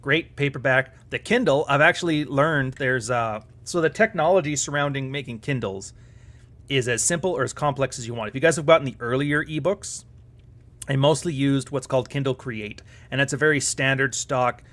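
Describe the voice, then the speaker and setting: A man's voice: medium pitch, normal speed, fairly bright tone. A man hosting a live stream, chatting casually in a profane, sarcastic and rambling way.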